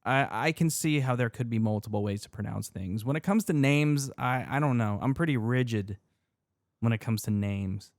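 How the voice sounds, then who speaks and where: A man's voice: mid-range voice, moderate pace, no echo, clean studio sound. Easygoing man co-hosting a chatty podcast. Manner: easygoing, laughs often, teasing. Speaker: podcast co-host. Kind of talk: casual podcast chat.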